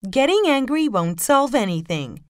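A woman slowly reading a mother's example sentences, carefully enunciated. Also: high-pitched, sing-song, dry recording, clean studio sound. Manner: slow, lilting, carefully enunciated. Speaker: narrator voicing a mother's lines. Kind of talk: slow scripted phrase reading.

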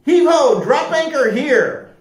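A plucky young pirate princess calls out in a squeaky, eager voice, as a man reads her lines aloud. Her storybook lines ring high and bright. The sound is roomy and heard from a distance. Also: huge pitch swings, measured pace, heavily acted. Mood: cheerful.

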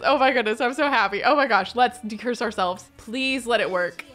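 A woman giving excitable, chatty let's-play commentary as she plays a life-simulation game, squealing over wins. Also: fairly high pitch, fairly quick, hardly any pauses, faint music behind. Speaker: gaming video creator.

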